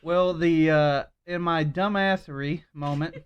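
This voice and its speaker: A man's voice: fairly high pitch, steady tone, unhurried, clean tone, dull audio. A man co-hosting a casual podcast, telling rambling, laid-back stories into a shared mic at home. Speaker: podcast co-host. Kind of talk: casual chat. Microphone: shared swivel mic.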